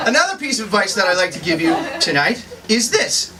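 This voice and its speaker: At a bookstore, a man performs live character stand-up as a grown-up Tiny Tim, a brash, boastful, self-promoting comic firing off hammy, corny punchlines. His voice sits high and is very animated and brisk. The recording sounds distant in a live indoor room, with a loud crowd and noisy background.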